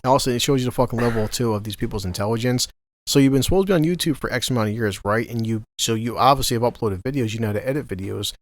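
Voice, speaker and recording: A man's voice: mid-range voice, racing, no echo. A man in his thirties co-hosting a casual podcast, ranting with heavy profanity and bursts of laughter. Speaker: podcast co-host.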